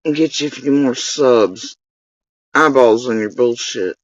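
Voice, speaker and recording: Speaking at a measured pace in a mid-range voice, a man uses his own channel for an angry direct-to-camera rant. He swears and heaps accusations and insults on one individual; the sound is dull, lo-fi and dry, with no room sound.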